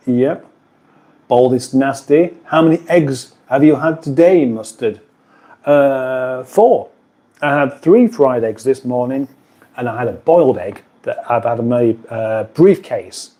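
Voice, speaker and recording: Chatty British man, mellow voice. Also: medium pitch. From United Kingdom. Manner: rambling, chatty, reads out viewer comments. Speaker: live stream host. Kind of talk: casual live chat. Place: kitchen.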